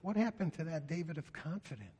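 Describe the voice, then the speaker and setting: A man's voice: fairly high pitch, expressive, fast, a little mellow, breathy edge. A man preaching a sermon in an earnest way, often voicing a psalmist's pleas in prayer. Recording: reverberant hall.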